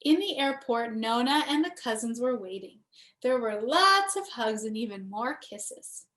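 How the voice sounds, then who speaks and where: A woman, a cantor, gently and expressively reading a children's bedtime story aloud. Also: fairly high pitch, animated, unhurried.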